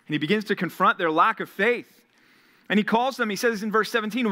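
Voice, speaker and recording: A young man preaches to a college ministry in an easy, conversational way. His voice is bright and sits a little high. He builds to animated emphasis when reading the words of Jesus. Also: fast talker. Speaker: pastor. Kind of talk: sermon. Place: church or ministry hall.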